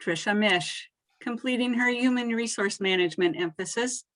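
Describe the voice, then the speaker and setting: A woman's voice: on the high side, a bit bright. Woman reading out graduate names. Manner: measured, lifts each name then drops at the end. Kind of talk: formal name reading.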